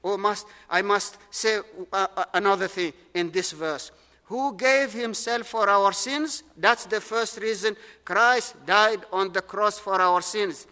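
A man preaches with earnest, repetitive emphasis, building his points phrase by phrase. His voice sits high and rings bright. The sound carries a long, lingering hall reverb. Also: steady tone, a little slow, clean tone. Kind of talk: sermon.

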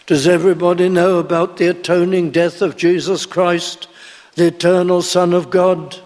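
A man's voice: high voice, little pitch movement, normal speed, a little mellow, long reverb tail. A man preaching a sermon, earnest and pleading, pressing his questions to the congregation with rising emphasis.

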